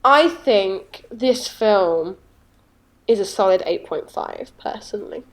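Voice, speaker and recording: A woman in her twenties co-hosting a casual movie podcast, chatty and quick to laugh. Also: mid-range voice, lively intonation. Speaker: podcast co-host.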